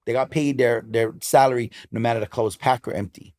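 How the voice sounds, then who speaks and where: Speaking briskly in a mid-range voice, this DJ and club promoter from Hawaii, a man in his fifties, has a Hawaiian English accent. As a guest in a relaxed interview, he spins his stories with animated, emphatic energy.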